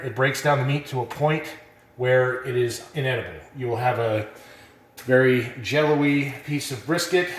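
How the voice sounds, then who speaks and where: A man gives a relaxed, rambling how-to lesson in a kitchen, full of fillers and asides. He sounds a little out of breath. The room is echoey around his mid-pitched voice. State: a bit out of breath. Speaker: cooking instructor. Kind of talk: casual how-to demonstration.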